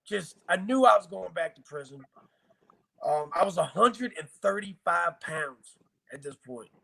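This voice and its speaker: A man's voice: high voice, expressive, unhurried, creaky, bright, forceful tone. A man from Virginia bluntly recounting hard times in a casual, profane, emotional interview. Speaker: guest telling his life story.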